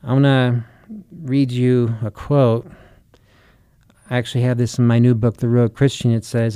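A man's voice: mid-range voice, little pitch movement, moderate pace, long pauses, mellow, clean tone, no echo, clean studio sound. A man, a Christian author and preacher, delivering an earnest, urgent sermon full of rhetorical questions. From United States. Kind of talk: sermon-style teaching.

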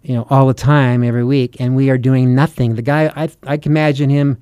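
Earnest man preaching, warm smooth voice. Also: medium pitch, little pitch movement, a little fast, no echo, studio quality. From United States. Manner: earnest and urgent, rhetorical questions. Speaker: Christian author and preacher. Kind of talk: sermon-style teaching.

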